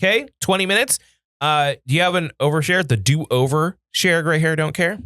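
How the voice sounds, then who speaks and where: A young man hosting a podcast, chatting casually with a lively, joking manner and casual swearing. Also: on the high side, normal speed, no room sound, studio quality. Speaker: podcast host. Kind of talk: casual chat. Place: podcast studio.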